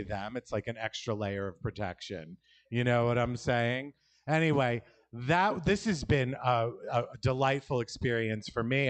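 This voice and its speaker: A man with a New York accent performing a loose, rambling stand-up set with self-deprecating asides, recorded at an outdoor alley show. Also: mid-range voice. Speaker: stand-up comic.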